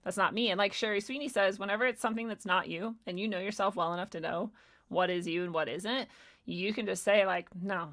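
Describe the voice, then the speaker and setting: A woman's voice: mid-range voice, fairly quick, a bit bright. Candid, laughing woman host musing aloud. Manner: rambling and candid, swears freely, laughs often; reads out viewer chat comments. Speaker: spiritual livestream host. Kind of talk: casual spiritual talk.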